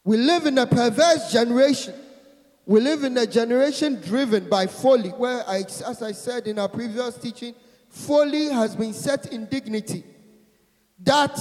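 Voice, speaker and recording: A man with a very high voice preaches a fiery sermon. He builds to shouted peaks, then drops low, and leads the room in repeat-after-me lines. The sound carries a long hall reverb. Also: normal speed. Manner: leads call-and-response.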